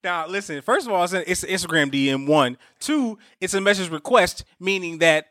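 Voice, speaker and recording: Brief: man co-host, high bright voice, very lively, slangy and exasperated. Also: brisk, no echo, clean studio sound. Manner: animated, slangy, exasperated complaining. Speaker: podcast co-host. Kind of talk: casual chat.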